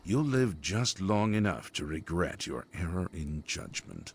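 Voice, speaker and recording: An actor playing a threatening enemy in a video game, heard faintly through the stream's game audio. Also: male voice, deep voice, huge pitch swings, measured pace, creaky, slight background noise, heavily acted.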